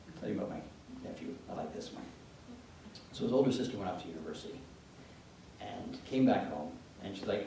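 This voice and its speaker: A man with a Canadian accent giving an informal talk to parents, a lively storyteller who acts out dialogue in changed voices. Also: low-pitched, fairly quick, creaky, pauses often. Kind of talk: informal lecture with acted-out anecdotes. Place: meeting room, large and echoey. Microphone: room mic from a distance. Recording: echoey room from a distance, faint noise.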